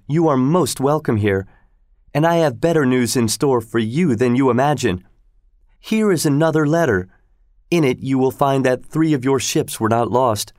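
A man's voice: mid-range voice, darkish tone, no room sound, clean studio sound, voice pushed up, lightly acted. A man voicing a clever, witty young noblewoman in a storybook reading, lifting his voice to a lighter register for her. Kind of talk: storybook read-aloud.

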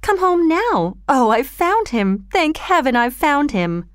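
A woman reading a storybook aloud, voicing a scheming young woman who pleads loudly and overacts. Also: high-pitched, sing-song, slow, no echo, studio quality, pitched above the performer's own voice, exaggerated voice. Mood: theatrical. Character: scheming young woman thief, loud and theatrical.

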